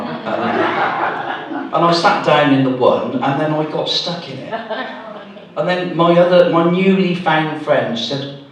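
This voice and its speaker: Middle-aged Gloucestershire comic, self-mocking and rambling, a touch high, echoey hall heard from afar. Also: male voice, a little slow, a bit bright, slight background noise. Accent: Gloucestershire English. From Gloucester, England. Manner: self-deprecating, rambling with restarts. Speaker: stand-up comedian. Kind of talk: stand-up routine. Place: village hall stage. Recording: very echoey hall, mic from a distance.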